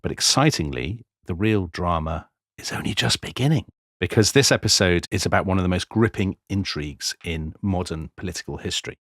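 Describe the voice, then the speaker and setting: A man's voice: sits low, a little fast, fairly bright tone, no room sound. A man co-hosting a history podcast with dry, wry humour. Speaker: podcast co-host.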